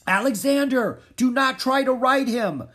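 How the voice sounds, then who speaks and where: A man voicing an ancient king who bellows angry commands at his son, loud and high in his voice. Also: a little slow. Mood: furious shouting.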